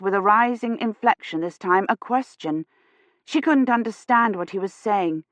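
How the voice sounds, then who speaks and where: A woman reading a science fiction novel aloud in a measured, steady narration. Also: mid-range voice, no echo. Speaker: audiobook narrator. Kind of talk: scripted narration.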